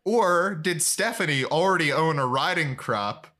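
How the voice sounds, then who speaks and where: Bright-voiced playful young man. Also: a little high. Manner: animated, playful, quick to joke. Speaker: podcast co-host. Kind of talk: casual chat.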